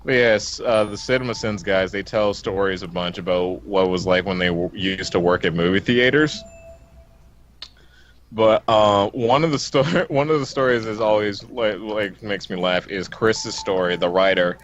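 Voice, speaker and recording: A man's voice: lowish voice, normal speed, dull audio, slight background noise. A man telling a long anecdote in casual chat on a game stream, rambling and often breaking into laughter mid-sentence. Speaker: let's play co-host.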